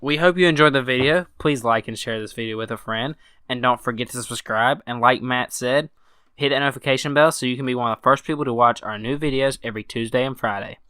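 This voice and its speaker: A man co-hosting a relaxed chat about movies. He often stumbles and restarts his sentences. His voice is bright and clear, and it is recorded dry and close. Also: medium pitch, quick pace, dry recording. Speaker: co-host. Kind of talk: casual chat.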